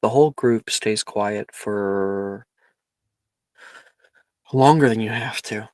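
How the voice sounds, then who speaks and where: A man running a tabletop game as game master, narrating in an unhurried way with many ums and likes. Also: lowish voice, no room sound.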